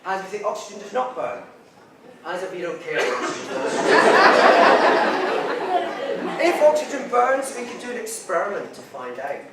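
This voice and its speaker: A man presenting a playful science show to a theatre audience, leading call-and-response with sudden loud shouts. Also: sits high, huge pitch swings, normal speed, long pauses. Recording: echoey hall from far off, loud crowd noise.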